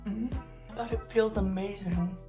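A young woman who is sick and congested, chatting excitedly in a casual unboxing vlog. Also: medium pitch, unhurried, over music. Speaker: beauty vlogger.

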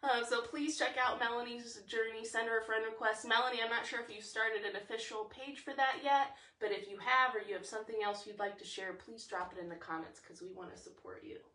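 Encouraging woman leading a vocal warm-up. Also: fairly high pitch, fairly even intonation, fairly quick, few pauses, roomy sound, far from the mic. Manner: encouraging, chatty, drops to breathy whispers. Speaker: voice teacher. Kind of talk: livestreamed singing warm-up lesson. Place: home, over a slow internet livestream.

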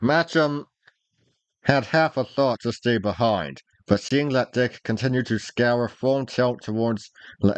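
A man narrating an old adventure novel, reading in a measured, deliberate manner. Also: medium pitch, no room sound, low-quality recording. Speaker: reader, narrator. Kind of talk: storybook narration.

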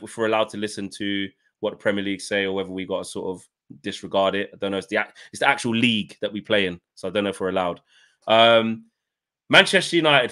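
A man's voice: on the low side, bright, forceful tone. A man co-hosting a casual football chat, sarcastic, reading quotes aloud and swearing. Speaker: podcast co-host.

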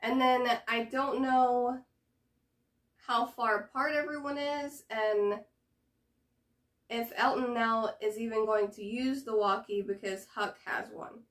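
A woman's voice: a little high, steady tone, slow. A woman hosting a reaction video, chatting casually to camera and thinking aloud with fillers and hesitations.

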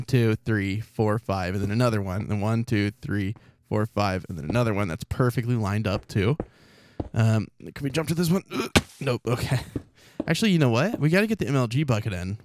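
A man from Oklahoma hosting a let's play, chatting casually as he thinks aloud in a rambling, upbeat way. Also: mid-range voice. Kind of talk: casual gameplay commentary. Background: faint calm background music.

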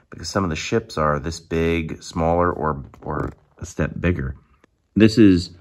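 A man giving an enthusiastic, casual review of gaming miniatures, now and then dropping into hushed asides. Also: very deep voice.

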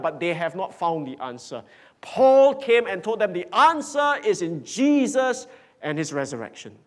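A man preaching a sermon in a church hall, emphatic, swinging from loud declarations to hushed whispers. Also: high voice. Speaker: pastor.

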